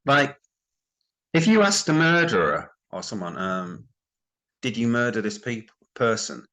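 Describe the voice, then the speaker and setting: A man's voice: medium pitch, sing-song, measured pace, bright, forceful tone. A man giving rambling, exasperated commentary on online schemes to his subscribers. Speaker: crypto commentary YouTuber. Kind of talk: casual commentary to camera.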